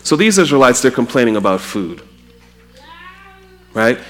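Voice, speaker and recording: Animated preacher, lively pitch. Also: male voice, moderate pace. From Trinidad. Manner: animated, acts out quotes with a raised voice. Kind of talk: sermon.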